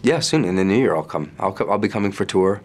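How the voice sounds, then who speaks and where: A man's voice: lowish voice, animated, quick pace. Chatty storytelling male singer. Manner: chatty storyteller, warm and playful. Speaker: singer, interview guest. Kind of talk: casual interview chat.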